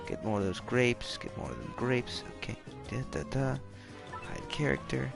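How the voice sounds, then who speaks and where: Gravelly-voiced man, goofy hushed late-night game chatter, game music underneath. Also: mid-range voice, lively intonation, moderate pace. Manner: rambling, goofy, playfully self-mocking. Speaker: game streamer.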